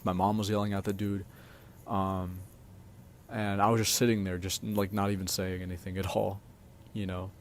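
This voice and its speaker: A young man with a fairly low voice tells personal stories straight to his audience. He rambles loosely, full of filler words and casual swearing. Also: little pitch movement, moderate pace, a little hiss or hum. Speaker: vlogger. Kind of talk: casual storytime monologue.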